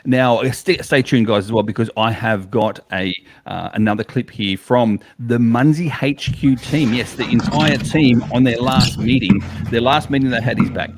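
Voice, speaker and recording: A man's voice: mid-range voice, normal speed, hardly any pauses. An Australian man co-hosts a live awards broadcast with a mid-range voice. He talks in a chatty, enthusiastic way and repeats phrases as he goes. It is a casual, loose style of speech. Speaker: co-host of an awards livestream.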